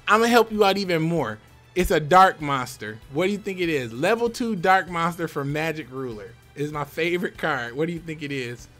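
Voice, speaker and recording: A man's voice: on the high side, a bit bright. A man streaming a card game, talking loosely and profanely while laughing often. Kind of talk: casual live-stream chat.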